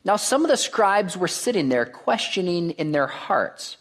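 A man's voice: sits high, measured pace, few pauses. A man preaching a sermon to a congregation, reading verses aloud and putting questions to the crowd. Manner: animated, asks the crowd questions. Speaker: pastor.

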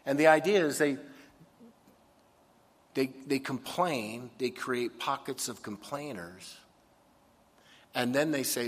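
A man preaching a sermon with energy, his voice sitting in a middle pitch. He sometimes slips into whiny complaining voices to make a point. The sound carries a long reverb, as if recorded in a large hall. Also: slow, long pauses. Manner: animated, acts out complaining voices. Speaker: pastor.

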